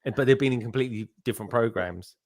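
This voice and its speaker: A man's voice: mid-range voice, fast, no room sound, clean studio sound. A man, a guest in a casual livestream chat, talking colloquially and laughing easily. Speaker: guest co-host.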